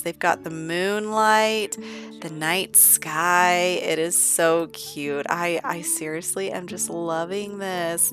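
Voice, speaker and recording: A young woman hosting a gaming channel, gushing with enthusiasm as she narrates a life-sim game. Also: lowish voice. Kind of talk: casual game commentary. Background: faint background music.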